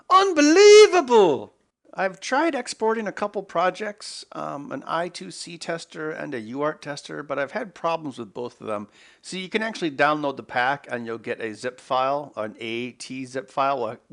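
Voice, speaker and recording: A man's voice: mid-range voice, vocal fry, fairly bright tone. A man hosting an electronics video, talking casually to himself as he works through a problem. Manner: muttering to himself while working. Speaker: electronics maker host. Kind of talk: casual work-along narration.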